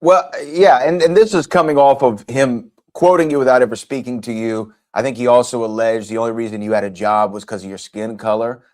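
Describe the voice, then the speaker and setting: Male co-host, middle pitch, casual and agreeable, picks up the thread. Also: steady tone, a little fast, few pauses, darkish tone. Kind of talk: casual chat.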